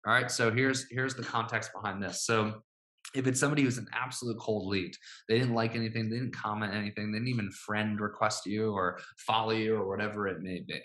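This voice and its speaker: An upbeat man coaches listeners through a sales messaging script, and he keeps checking in with a quick "right?". His voice is bright and forward, with a noticeable echo from the room around him. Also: fairly low pitch, fairly even intonation. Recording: echoey room.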